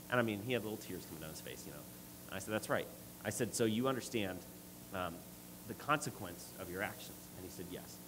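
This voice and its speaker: A man's voice: on the low side, noisy background. A middle-aged man preaching a sermon and telling a family story, with many restarts. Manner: rambling, restarts often, storytelling.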